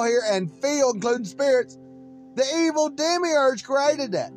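A man preaching a rambling, confrontational sermon monologue, challenging his listeners directly. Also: extremely high pitch. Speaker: self-styled preacher.

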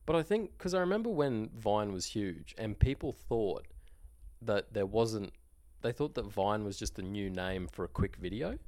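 Young Aussie man, low voice, laughing a lot. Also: very animated, moderate pace, darkish tone, dry recording. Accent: Australian. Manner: laughs often, rambling and self-mocking. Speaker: podcast co-host. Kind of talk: casual chat.

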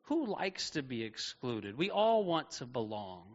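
A man's voice: mid-range voice, sing-song, a little slow, long reverb tail, highs cut off. A man preaching a sermon as pastor, talking conversationally and asking the congregation questions. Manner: conversational, asks the audience questions. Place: church auditorium.

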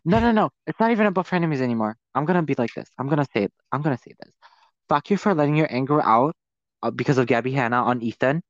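A man's voice: medium pitch, expressive, fast talker, dry recording, dull audio. A man co-hosting a casual commentary chat, ranting with lots of profanity and rising anger.

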